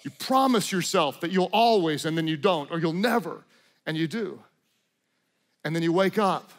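A man preaching a sermon as pastor, telling stories dramatically, hushing low and slow for solemn moments and rising to forceful emphasis. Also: sing-song. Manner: dramatic storytelling with acted-out quotes.

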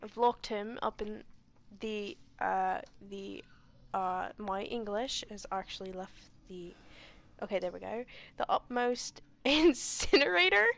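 A woman streaming a game live, excitable and shouty, swearing often. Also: medium pitch, takes it slowly, gravelly. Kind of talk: live gameplay chat.

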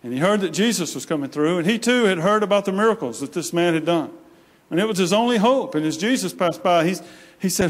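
A man's voice: sits high, animated, quick pace. A man preaching a sermon, telling stories plainly and acting out the voices he quotes. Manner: plain storytelling, acts out quoted voices, repeats phrases. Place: church sanctuary. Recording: long hall reverb.

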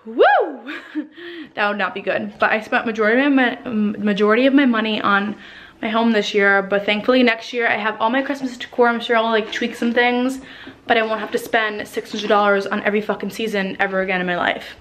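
Woman, 20s, from New Jersey, slightly high voice, breathless chatty vlogger with filler-heavy, sweary delivery. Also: fairly even intonation, a little fast, fairly bright tone, slight background noise. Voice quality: frequent "like" fillers, swearing, emotional. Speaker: lifestyle vlogger. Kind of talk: casual chatty vlog monologue. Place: home living room.

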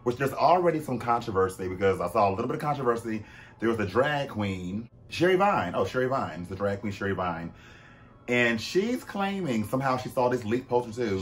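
A man hosting a vlog in casual, chatty commentary. He talks animatedly, with swooping pitch, sudden loud bursts and frequent fillers. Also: sing-song, a little fast, faint music behind. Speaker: vlog host.

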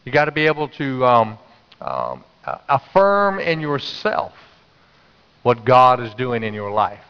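A man preaches a Sunday sermon in a big church hall, and his voice trails off in a long echo. He sits in the middle of the range in pitch and talks casually. He tells everyday stories and keeps urging the congregation to say things back. The recording sounds a bit dull. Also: very animated, a little slow, creaky, clear, resonant tone. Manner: conversational storytelling, urging the congregation to respond. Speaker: pastor. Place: church sanctuary.

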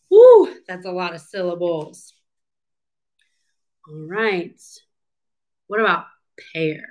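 Slow, animated woman reading to children. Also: on the low side, poor audio. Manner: slow, animated, questioning children and pausing for answers. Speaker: speech therapist reading a storybook. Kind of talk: read-aloud storytime lesson for children.

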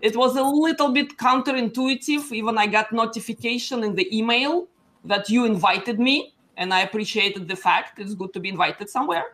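Playful Russian-accented woman guest on a video call, bright-pitched, teasing the host. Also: fairly quick. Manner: playful, teasing, tags "okay?". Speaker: panel guest. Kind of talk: casual panel chat.

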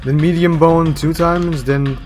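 A man hosting a game video, reacting with excitable, profane outbursts. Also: a little high, measured pace. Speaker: gaming video host. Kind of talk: let's play commentary.

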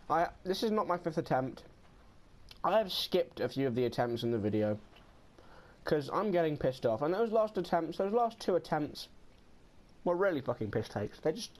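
A man giving gameplay commentary, getting frustrated, swearing a lot and yelling in bursts. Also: a little high. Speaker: gamer. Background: game music.

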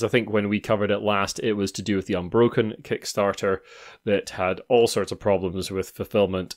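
A man co-hosting a board game news podcast, reading headlines and chatting in a wry, punning way. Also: on the low side. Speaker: podcast co-host. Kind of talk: casual news podcast chat.

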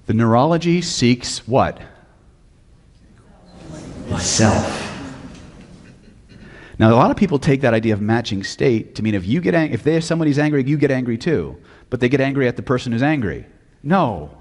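A man's voice: medium pitch, expressive, normal speed, long pauses, darkish tone, in a large hall. A man teaching hypnosis at a live seminar, blunt and profane, often quizzing the audience. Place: lecture hall with audience.

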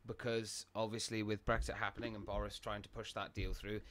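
Rambling British podcast host. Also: male voice, fairly low pitch, flat delivery, brisk, fairly bright tone. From United Kingdom. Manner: rambling, goes off on tangents, laughs often. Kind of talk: casual chat.

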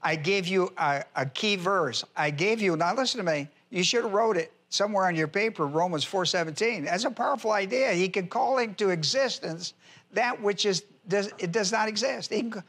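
High-pitched preacher guy teaching the bible, repeats himself a lot, spells out greek words, talks right to the folks listening. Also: normal speed, a bit bright. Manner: repeats key phrases for emphasis; addresses listeners directly, informal grammar. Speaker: pastor.

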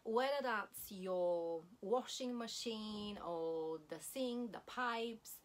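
A woman with a mid-range voice teaches a language lesson, saying each word slowly and deliberately, repeating it so learners can practise.

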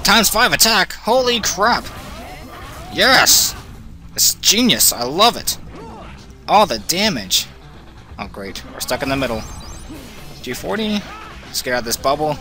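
Excitable man narrating a game over loud music. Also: a little high. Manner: excitable, talks to the game character, swings between groans and cheers. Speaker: let's play commentator. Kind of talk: casual gameplay commentary.

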